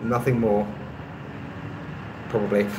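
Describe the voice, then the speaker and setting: Slow and fairly low-pitched with little pitch movement, a man hosting a casual live stream responds to viewer comments in a rambling, hesitant manner full of ums and self-deprecating asides. He records on a phone on a stabilizer, and the sound is roomy with background noise.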